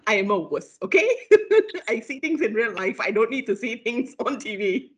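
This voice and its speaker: A woman with a Malaysian English accent, a lecturer telling a ghost story in casual chat, animated and full of fillers and laughs. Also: fairly high pitch, unhurried, husky. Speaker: lecturer, guest.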